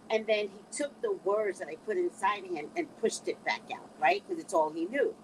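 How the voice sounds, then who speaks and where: This middle-aged woman's voice is on the low side and moves at a moderate pace, captured in a low-quality recording with a little hiss or hum. She gives casual motivational advice animatedly, voicing the people she quotes.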